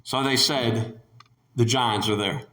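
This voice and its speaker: A man preaching a sermon in an emphatic, animated way, repeating his key phrases. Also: mid-range voice, takes it slowly, echoey room.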